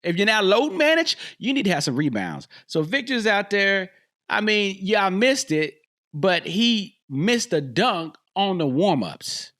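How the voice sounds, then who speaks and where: A man's voice: high voice, very animated, a little slow, fairly bright tone. A man hosting a podcast, talking through his views in a casual, joking way and repeating lines to drive a point home. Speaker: podcast host. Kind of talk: casual solo commentary.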